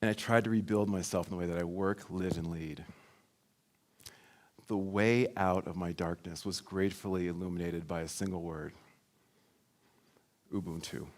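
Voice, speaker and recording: A man giving a motivational keynote, telling a personal story in a lively way and acting out quoted lines. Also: low voice, moderate pace, pauses often. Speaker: keynote speaker.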